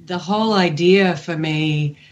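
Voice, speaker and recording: A woman's voice: on the low side, measured pace, lo-fi sound, slight background noise. An Australian woman presenting a community radio show in a friendly, chatty way. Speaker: community radio host and guest.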